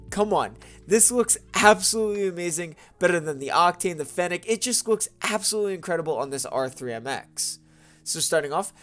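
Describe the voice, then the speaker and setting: A young man hosting a gaming channel, giving an enthusiastic casual commentary voice-over with bouncy jumps in pitch.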